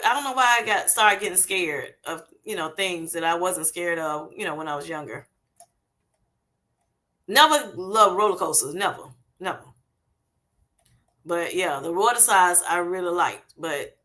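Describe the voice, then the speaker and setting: Her voice is on the low side, bright and forceful: a middle-aged livestream host chatting casually with viewers. She laughs frequently and calls them honey and y'all, speaking through a streaming setup.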